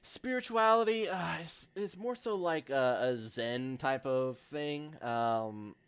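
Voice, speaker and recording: A man running a tabletop game as game master, narrating in a halting way with many fillers. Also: fairly high pitch, animated, a bit bright, smooth.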